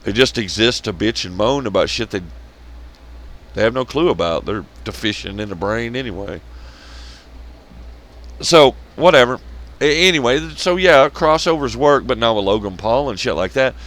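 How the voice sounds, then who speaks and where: Brief: male vlogger, mid-pitch, animated delivery, sarcastic, heavy swearing, blunt rant. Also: moderate pace, long pauses. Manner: blunt, sarcastic, swearing often, laughs at own jokes. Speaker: wrestling commentary vlogger. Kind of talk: profane ranting commentary.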